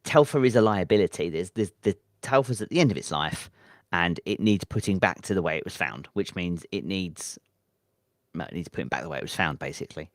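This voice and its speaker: His voice is deep and expressive, moving a little fast, captured cleanly in the studio with no room sound. Streaming late at night from home, he goes through viewer messages and thinks aloud, rambling hesitantly with lots of ums.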